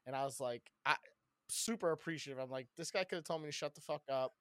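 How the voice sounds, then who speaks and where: A man co-hosting a casual podcast, telling a story loudly and rambunctiously with a lot of swearing. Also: fairly high pitch, quick pace, clear, resonant tone, no echo, studio quality. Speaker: podcast co-host.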